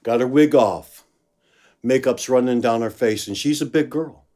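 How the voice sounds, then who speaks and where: A mid-range male voice at a moderate pace belongs to a blues musician spinning a casual story. Lively in his telling, he acts out the quoted voices of the people involved.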